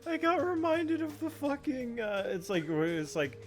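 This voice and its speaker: A man playing a tabletop roleplay, telling stories in a lively, swearing way. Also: very high-pitched, measured pace, faint music behind. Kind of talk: casual chat.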